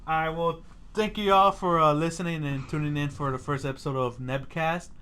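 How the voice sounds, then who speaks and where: A young man hosting a casual podcast, talking in a relaxed, hesitant way. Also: a little high, fairly quick, a little hiss or hum. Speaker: podcast host.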